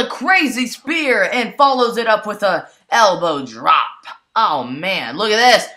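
A woman giving excitable mock play-by-play commentary on a toy wrestling match, exclaiming constantly and calling out to the folks. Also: medium pitch, takes it slowly.

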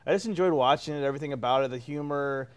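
A man in a casual film review chat, agreeing readily and adding quick points. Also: mid-range voice, clean tone. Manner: agreeable, quick back-and-forth with affirmations.

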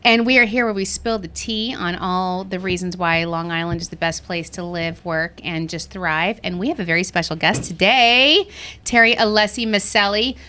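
A woman from Texas co-hosting a podcast, chatting in a bubbly, fast way and laughing often. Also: on the low side, pushed and bright. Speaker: podcast co-host. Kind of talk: casual chat. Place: studio.

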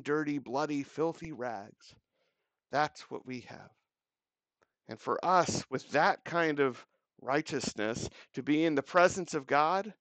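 A man's voice: on the high side, vocal fry, a bit bright, no echo. A man delivering a daily devotional sermon as a pastor, telling a story earnestly and acting out its quotes.

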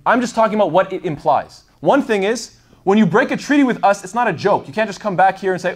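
Male lecturer, casual storytelling lesson, high voice, quick and digressive. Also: lively intonation. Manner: digressive, thinks aloud with many fillers. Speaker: Islamic lecturer. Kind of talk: casual explanatory talk.

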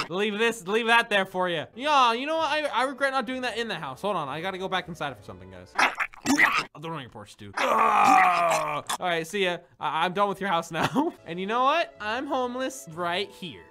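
A young man giving playful, silly gameplay commentary, joking and chatting with his viewers. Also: sits high. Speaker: gaming video creator.

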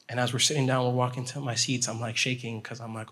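A male pastor telling a story in a sermon, animated and checking in with his listeners as he goes. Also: medium pitch, quick pace, few pauses. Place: chapel hall. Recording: long hall reverb.

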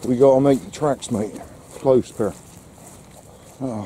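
A man's voice: medium pitch, slow pace, warm tone, a little hiss or hum. A man filming a countryside walk, chatting casually to his dog and the camera. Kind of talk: casual vlog narration. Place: outdoors in the countryside.

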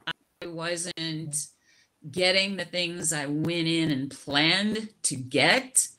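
Middle-aged woman on a video call, slow and reflective, lower voice, laughs a lot and restarts. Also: bright, forceful tone, a little hiss or hum. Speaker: workshop participant sharing her experience. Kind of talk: casual video call sharing.

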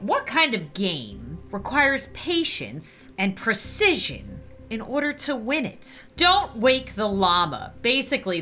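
A young woman giving excited game commentary, squealing and laughing as she reacts to the action. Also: on the high side. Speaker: gaming YouTuber. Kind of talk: excited Let's Play commentary.

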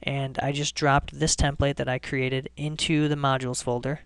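Smooth-voiced man explaining code, flat delivery. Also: mid-range voice, moderate pace, no echo. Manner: relaxed step-by-step explaining with restarts. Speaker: coding tutorial host. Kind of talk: screencast programming lesson.

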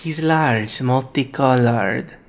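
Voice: mid-range voice, slow pace. A player reading a game character's lines aloud in a dramatic put-on voice during a playthrough. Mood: suspicious.

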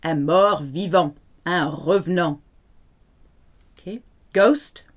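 A woman's voice: on the low side, takes it slowly. A woman teaching French vocabulary, speaking patiently and repeating words with careful pronunciation. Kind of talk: vocabulary lesson.

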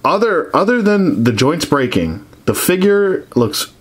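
A man's voice: a little high, sing-song, measured pace, husky. A man casually reviewing action figures, rambling with many restarts and frank complaints.

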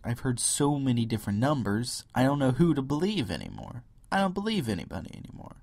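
Husky man ranting to camera. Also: medium pitch, fast talker, few pauses, no room sound. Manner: sarcastic, animated, fond of mock quotes. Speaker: vlogger. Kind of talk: political rant to camera.

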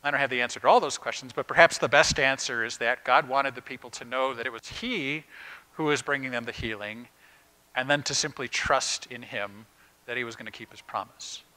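A man's voice: medium pitch, a little fast, pushed and bright, rough recording. A man preaching a conversational sermon as pastor, posing rhetorical questions to the congregation in plain everyday words with frequent "uh" fillers.

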